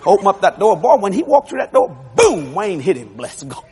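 A man preaching to a congregation, telling a childhood story with animated shouts and laughter. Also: sits high, a little fast, breathy edge. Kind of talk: humorous sermon storytelling.

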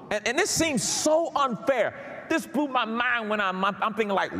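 A male preacher delivering a sermon, swinging from quiet explanation to fervent shouting. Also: extremely high pitch, animated, normal speed. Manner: builds to fervent shouting, then drops to quiet asides. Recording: echoey hall with faint noise.

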